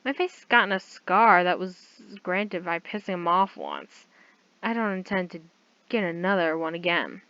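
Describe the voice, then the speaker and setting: Bright-voiced woman reading a story aloud. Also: lowish voice, sing-song, no room sound. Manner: halting reading with self-corrections and asides. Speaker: story reader. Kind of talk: casual read-aloud of a fan story. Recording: dull lo-fi recording.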